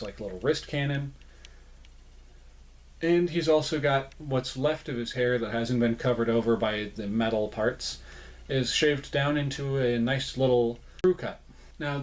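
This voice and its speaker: Young adult man, mid-pitched, laid-back and rambling with lots of fillers; casual toy-collection host. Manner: relaxed and rambling, with frequent "like" and self-deprecating asides. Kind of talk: casual toy showcase narration.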